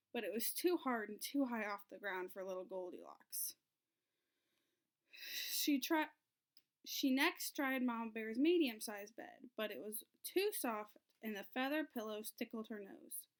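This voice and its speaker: A woman teacher reading a storybook aloud to children, in an expressive storytelling way. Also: a little high. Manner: expressive, sing-song storytelling.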